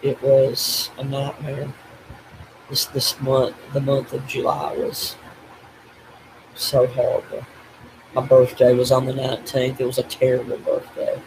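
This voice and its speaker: An older man talking in a tearful video diary, grief-stricken and blaming himself, speaking haltingly with restarts and breaking off as he cries. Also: mid-range voice, completely flat delivery, a little mellow, slight background noise, poor audio. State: crying. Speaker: vlogger.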